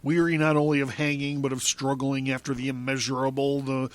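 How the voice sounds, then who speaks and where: A man's voice: medium pitch, level tone, a little fast. A man hosting a podcast, reading a book aloud in the first person and breaking off with amused, chuckling asides. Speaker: podcast host.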